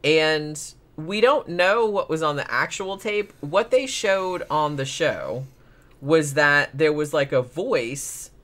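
As a podcast co-host, a man casually recaps a paranormal case, rambling, swearing freely and laughing often. His voice is on the high side, animated, slow-paced and fairly bright.

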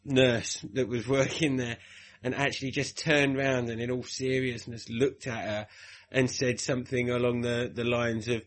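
A man's voice: mid-range voice, little pitch movement, moderate pace, few pauses, slight background noise. A man co-hosting a podcast, chatting casually with frequent laughs and hesitations. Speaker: podcast co-host. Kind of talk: casual chat.

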